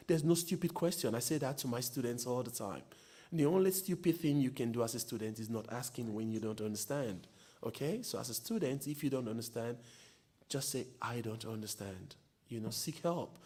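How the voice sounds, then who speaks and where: Male lecturer, encouraging, direct, husky voice. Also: medium pitch, mellow. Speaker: lecturer, co-host. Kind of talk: advice to students.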